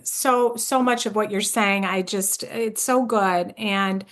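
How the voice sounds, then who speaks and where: A woman's voice: mid-range voice, fairly even intonation, takes it slowly, a bit bright. A middle-aged woman hosting a parenting podcast, chatting enthusiastically and affirming her guest, with lots of fillers and restarts. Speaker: podcast host. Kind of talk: conversational interview.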